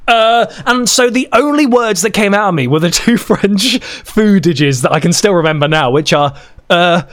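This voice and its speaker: Animated young man telling stories. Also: moderate pace. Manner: animated storytelling, swooping pitch. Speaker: podcast host. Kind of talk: casual chat.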